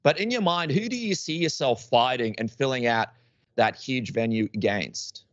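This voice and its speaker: A man's voice: mid-range voice, normal speed, dry recording. Chatty male co-host, upbeat, close dry dull sound. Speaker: podcast co-host. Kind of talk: interview questions and ad read.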